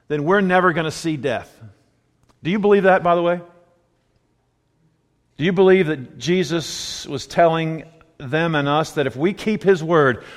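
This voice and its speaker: Man preaching in an echoing hall. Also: a little high. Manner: conversational preaching, rhetorical questions, wide swings from loud to hushed. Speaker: pastor. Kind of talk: sermon.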